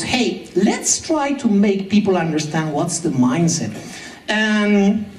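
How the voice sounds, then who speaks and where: A woman's voice: medium pitch, a little mellow, a little hiss or hum. A woman giving a humorous conference talk, sarcastic and laughing often, in a large hall with a translation booth. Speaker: conference speaker. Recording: echoey hall, mic at a distance.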